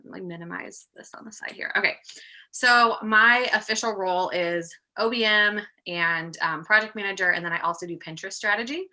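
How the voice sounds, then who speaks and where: Bright, chatty woman on a video call. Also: medium pitch, a little fast. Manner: chatty, upbeat, frequent ums and laughs. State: slightly out of breath from pregnancy. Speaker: guest presenter, project manager. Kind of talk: casual webinar presentation. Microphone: computer mic on a video call.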